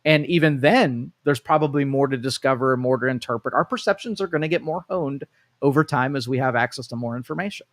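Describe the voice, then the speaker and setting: A man co-hosts a live studio talk show, reasoning slowly through his ideas with frequent restarts. His mid-pitched voice sounds close and dry on the mic, with no room echo. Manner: reflective, explains at length with restarts. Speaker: co-host. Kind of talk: casual talk show discussion.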